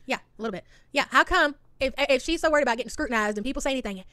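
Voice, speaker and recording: A woman hosting a live-stream commentary show, indignant and fast, often reading the chat aloud. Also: high voice, pushed and bright, no room sound. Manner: rapid-fire, indignant, reads the chat aloud. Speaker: streamer host.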